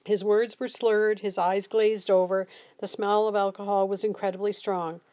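A woman's voice: medium pitch, moderate pace. Woman reading a novel aloud. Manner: steady storytelling read. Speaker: reader.

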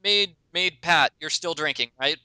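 Crisp-voiced man running a tabletop game. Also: fairly high pitch, moderate pace, bright, forceful tone, no room sound, low-quality recording. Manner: rambling, with many ums and self-corrections. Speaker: game master.

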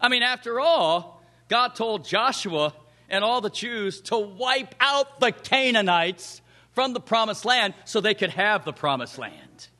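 Brief: animated male preacher, bright and forceful, high-pitched, delivering a sermon. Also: a little slow. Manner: animated, acts out the quoted voices in the scripture story.

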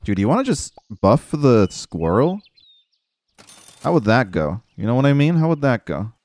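A man gives casual commentary while playing a game, thinking out loud and poking fun at his own choices. His voice sits at an ordinary middle pitch, and he drops in casual swearing and a lot of "dude". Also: very animated, moderate pace, no room sound. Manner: self-mocking, talks to himself while playing. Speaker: gaming streamer.

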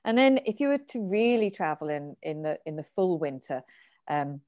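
A woman's voice: deep voice, very animated, moderate pace, a little mellow, no echo, studio quality. A woman, a tour director chatting on a webinar, rambling with many restarts. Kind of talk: webinar chat. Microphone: video call.

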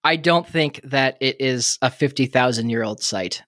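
In a clean studio with no echo, a podcast co-host with a mid-range, fairly bright voice chats casually at a moderate pace. He rambles, jokes, laughs, and leans on lots of fillers.

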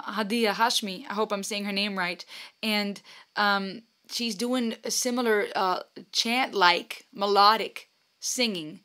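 A young woman reacting to a song she has just heard, speaking in a casual, heartfelt way. She gushes and stumbles, trailing off and starting her sentences over. Her voice sits at an ordinary middle pitch. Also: pushed and bright. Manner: emotional, effusive, stumbling over words. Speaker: music reaction host.

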